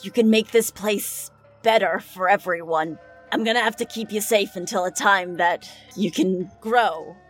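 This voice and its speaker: A woman voicing a wizened, ageless old fortune-teller woman who speaks slowly and cryptically. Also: mid-range voice, soft background music, natural voice. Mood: gentle. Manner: slow, solemn, cryptic.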